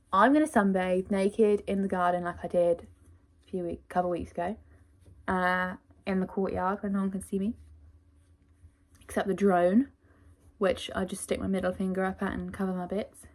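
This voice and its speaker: A woman's voice: medium pitch, fairly even intonation, moderate pace, long pauses, a little mellow. A woman vlogger talking casually to camera in a rambling, chatty, self-deprecating diary style.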